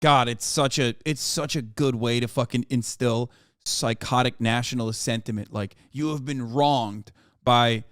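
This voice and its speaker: A man hosting a casual reaction stream, animated, profane and sarcastic. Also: medium pitch, a little slow, clean tone, no echo, studio quality. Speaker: streamer host.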